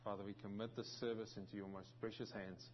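A man's voice: lowish voice, little pitch movement, fast talker, a little hiss or hum. Reverent male preacher, muffled church recording. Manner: prayerful, reverent, repeating "Lord" and "Father". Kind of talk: sermon prayer and scripture reading. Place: church service.

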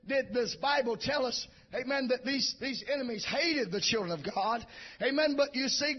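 A man preaching a fiery sermon, shouting in rhythmic bursts and punctuating lines with amen. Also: very high voice, husky. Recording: dull lo-fi church recording.

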